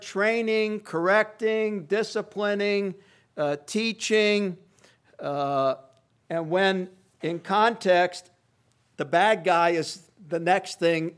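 A pastor preaching an expository sermon in a teacherly, halting way, with many fillers and emphatic rising stresses. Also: male voice, high voice, fairly bright tone.

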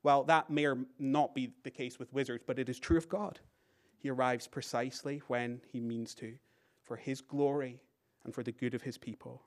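A British preacher gives an earnest, deliberate Sunday sermon in a steady tone at an ordinary pitch. He climbs for emphasis, says key lines twice, and drops to a very quiet hush as each thought closes.

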